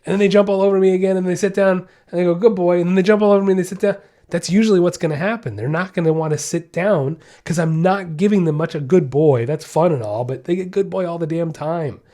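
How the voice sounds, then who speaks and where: A man explains dog training to his listeners in a conversational, emphatic way. He drives points home by repeating them. His voice sits a little high for a man, but its tone is mellow and dark. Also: fast talker. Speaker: dog trainer and podcast host. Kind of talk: podcast advice answer.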